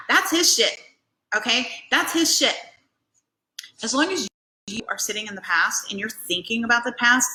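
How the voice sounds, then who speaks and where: A woman giving a casual motivational talk as a life coach, chatty and animated, acting out little scenes and swearing casually. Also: fairly high pitch. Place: indoor room at home. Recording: echoey room.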